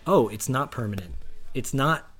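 A man's voice: mid-range voice, normal speed. A middle-aged man co-hosting a podcast in casual chat, enthusiastic and rambling, laughing easily. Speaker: podcast co-host.

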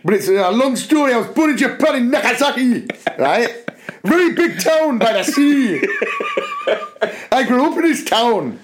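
A man voicing an elderly man from a children's novel, with a high, earnest put-on twang and halting delivery. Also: lively intonation, a bit bright, a little hiss or hum, exaggerated voice.

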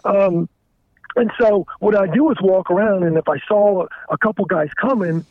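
Guy calling in on the phone, kinda high voice, stammers a lot, tinny dry line. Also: no echo. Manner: halting, stammers and restarts often. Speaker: caller. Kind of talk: candid confessional phone call. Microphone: telephone.

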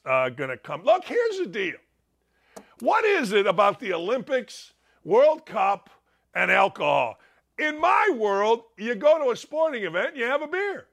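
A middle-aged man hosting a sports talk show, telling loud stories and swinging from low mutters to shouted outbursts. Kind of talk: opinionated sports talk monologue.

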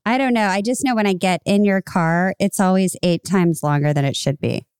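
A woman's voice: medium pitch, a little fast, darkish tone, smooth, no room sound, clean studio sound. A woman co-hosting a podcast in casual chat, playful and laughing often. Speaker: podcast co-host.

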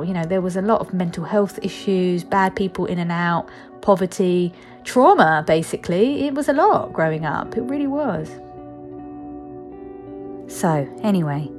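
A woman, reading her own personal essay in a candid, wry, conversational way. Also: mid-range voice. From East London, England.

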